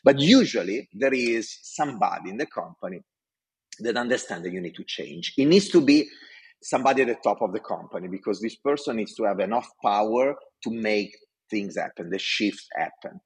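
A man's voice: on the low side, expressive, fairly quick, husky. A man from Italy with an Italian accent, telling a story about his career with passion and acting out the dialogue. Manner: passionate, acts out quoted dialogue. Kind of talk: animated storytelling.

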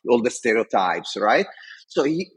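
A man's voice: mid-range voice, a little slow, husky. A middle-aged man from Italy, a design executive telling a story with passion. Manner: passionate, animated. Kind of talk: storytelling talk.

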